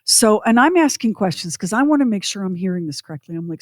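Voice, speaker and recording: A woman's voice: mid-range voice, animated, fast talker, hardly any pauses, dry recording, studio quality. A middle-aged woman co-hosting a podcast, telling a personal story in an earnest, reflective way. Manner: earnest, reflective, speaking openly about her past. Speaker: podcast co-host.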